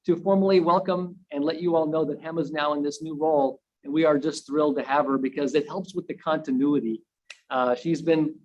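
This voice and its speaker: A man, a university administrator, giving a halting speech in a video meeting from his own room, repeating words and pausing on fillers. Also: a little high, highs cut off. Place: home room used for video calls. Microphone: computer video call.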